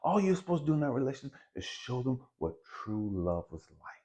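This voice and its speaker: A man preaching a motivational spiritual talk with blunt profanity and emphatic delivery. His warm, mellow voice rises and falls a lot, and he moves from loud outbursts to hushed lines. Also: mid-range voice, sing-song, a little fast. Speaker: spiritual video host.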